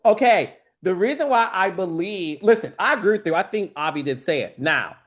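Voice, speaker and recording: A man's voice: high-pitched, moderate pace. A man hosting a casual recap chat, telling stories animatedly and acting out other people's lines in raised voices. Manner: animated storyteller, acts out quotes in raised voices. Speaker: podcast host.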